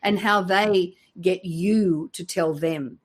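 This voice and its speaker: A woman's voice: lowish voice, slow pace, a crowd in the background. A woman hosting a podcast, chatting casually with dry, joking humor. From Australia. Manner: dry joking, acts out voices in anecdotes. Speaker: podcast host. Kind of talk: casual chat.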